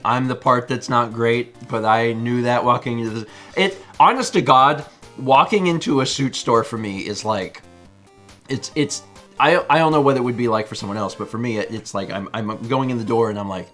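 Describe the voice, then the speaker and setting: A man in his thirties co-hosting a casual chat show, telling an animated story and mimicking other people's voices. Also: medium pitch. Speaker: co-host.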